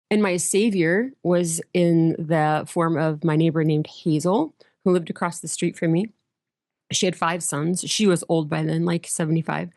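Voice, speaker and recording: A middle-aged woman pastor speaks on a close podcast mic with no room sound. Her voice sits a little low. She tells stories with energy and acts out the people in them. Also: dry recording. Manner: lively storyteller, acts out quoted voices. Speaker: guest pastor. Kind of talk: casual storytelling interview.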